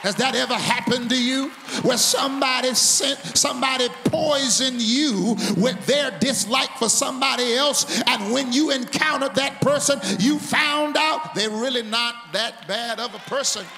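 A male pastor preaching a sermon in a large church. He shouts and rises into a sung cadence. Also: very high-pitched, a little slow, vocal fry, few pauses. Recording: reverberant church hall, organ and crowd.

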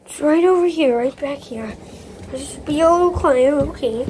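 A woman's voice: sits high, normal speed, darkish tone. A girl narrating her toy play in a rambling, playful way. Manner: rambling, playful, voices toys. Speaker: video maker playing with toys. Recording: noisy home recording.

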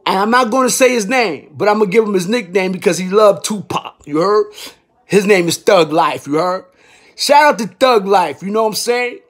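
A man telling a street story in a casual vlog, animated and full of slang, swinging from loud exclaiming to hushed muttering. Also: sits high, normal speed.

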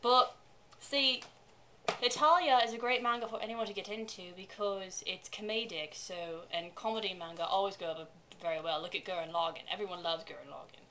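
A woman's voice: medium pitch, brisk, bright, forceful tone, a little hiss or hum. A woman co-hosting a casual anime review in a chatty, rambling way, swearing now and then. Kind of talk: casual co-hosted review chat.

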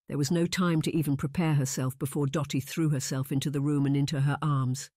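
A woman narrating a historical romance audiobook in a measured, unhurried reading. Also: deep voice, fairly even intonation, mellow, no echo, studio quality. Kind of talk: scripted narration.

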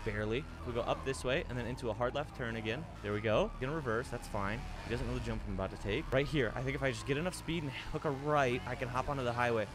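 A young man giving casual gameplay commentary as a streamer. He talks to himself, gets excited fast and yells out in bursts. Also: medium pitch, background noise. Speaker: gaming streamer. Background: background music.

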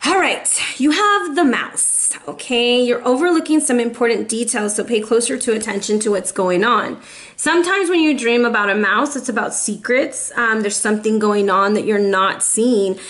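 Woman, tarot reader, casual, encouraging, emotional, fairly high pitch. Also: normal speed, fairly bright tone. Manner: chatty, encouraging, calls viewers baby. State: emotional, close to tears. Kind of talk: casual tarot reading to camera.

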